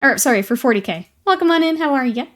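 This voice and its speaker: A woman's voice: high voice, expressive, quick pace. Chatty woman streaming to her viewers. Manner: chatty, laughs often, greets chat warmly. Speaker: streamer painting miniatures. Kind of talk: casual live-stream chat with viewers.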